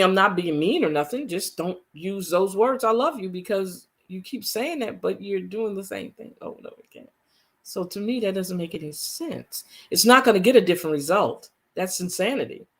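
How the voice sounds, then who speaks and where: A woman vlogger speaking earnestly in a casual, conversational way, repeating her points for emphasis and using folksy phrasing with frequent fillers. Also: on the low side. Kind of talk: casual talk to camera.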